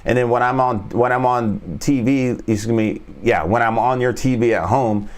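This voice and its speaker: A man's voice: mid-range voice, moderate pace. A man hosting a casual trading stream, rambling and joking as he talks viewers through stock charts. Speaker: trading coach and stream host. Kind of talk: casual market commentary.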